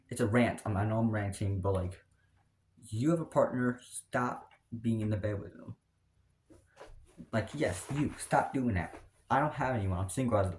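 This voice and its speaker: Young man, casual vlog rant, rambling delivery, echoey room. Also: medium pitch. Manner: rambling, many restarts and fillers. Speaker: vlogger. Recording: roomy echo.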